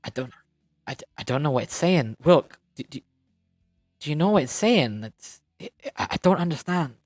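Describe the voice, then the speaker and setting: A woman's voice: low-pitched, lively intonation, normal speed, a little mellow, no room sound. A man voicing a nervous young female fae spirit who stammers and hesitates. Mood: flustered.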